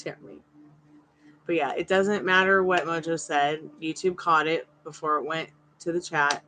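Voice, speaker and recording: Tarot streamer host, bright tense voice, casual chat to viewers by name, firm but polite. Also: medium pitch, steady tone, normal speed, slight background noise.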